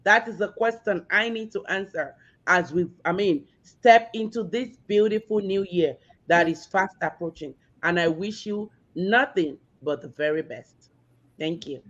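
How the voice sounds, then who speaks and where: A woman giving a slow, encouraging motivational message that repeats its key words, over lo-fi call audio. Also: mid-range voice. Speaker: guest speaker. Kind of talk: motivational talk.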